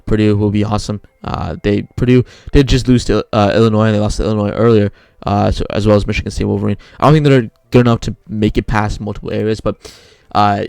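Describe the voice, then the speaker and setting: A young man rattles through his sports picks in a casual, rambling way, often stopping to correct himself. His voice sits on the low side with a gravelly edge. He is recorded close up in a dry room. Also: steady tone, quick pace, few pauses, darkish tone, no room sound. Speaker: sports video creator. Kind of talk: casual bracket picks talk.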